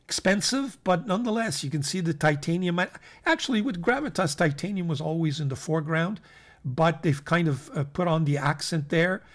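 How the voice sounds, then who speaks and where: A man's voice: on the high side, lively intonation, a little fast. A man hosting a pen channel, walking viewers through new pens in a casual, rambling way with many fillers and restarts, calling them folks. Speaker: fountain pen channel host. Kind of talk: casual product roundup.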